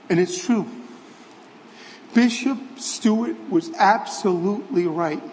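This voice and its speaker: A man's voice: high-pitched, a little hiss or hum. Earnest male preacher in a reverberant church. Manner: earnest storytelling, some stammered restarts. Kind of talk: sermon, retelling a film scene.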